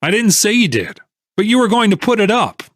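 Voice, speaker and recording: A man reading an audiobook voices a furious male stock trader who shouts angry accusations. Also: high voice, very animated, brisk, dry recording, studio quality, voice pushed up, heavily acted.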